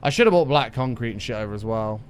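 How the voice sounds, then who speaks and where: A man's voice: medium pitch, lively intonation, quick pace, a little hiss or hum. A man chatting casually on a gaming livestream, joking around and answering chat messages aloud. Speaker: streamer.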